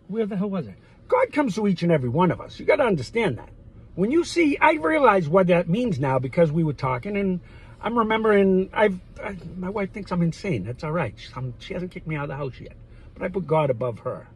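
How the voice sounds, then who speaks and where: A man delivering a digressive opinion monologue for his vlog. He often loses his thread and turns loud and indignant in bursts. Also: mid-range voice, slight background noise, poor audio. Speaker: vlogger.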